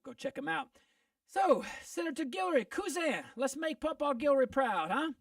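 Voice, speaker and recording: A man hosting a casual radio talk show, upbeat and joking with quick asides. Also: very high voice, animated, vocal fry, dry recording, clean studio sound, distant mic. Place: radio studio.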